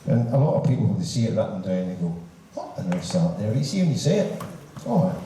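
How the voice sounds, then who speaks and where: A man's voice: fast talker, a little hiss or hum. An older man telling stand-up jokes at a concert, switching voices for each character. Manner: animated, swings pitch for each character in the joke. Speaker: comic storyteller at a band concert. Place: large hall at a concert, live audience. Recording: echoey hall from far off.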